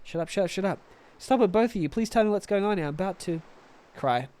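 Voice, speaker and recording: A man's voice: sits high, lively intonation, quick pace, darkish tone, smooth, voice pushed up. A man reading the lines of an emotional young woman leader in a pleading, earnest way, over game music. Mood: distraught.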